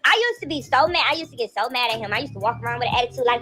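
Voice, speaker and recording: A young woman telling stories in a casual vlog, animated and profane, laughing often. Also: fairly high pitch, rapid-fire, few pauses, soft background music. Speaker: vlogger. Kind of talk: casual chat.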